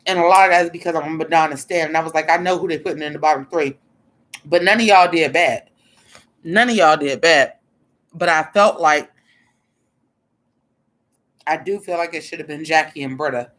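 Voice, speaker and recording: Woman, casual stream commentator: blunt, expressive, swears, talks back to chat. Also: deep voice, normal speed, long pauses. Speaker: drag show commentator.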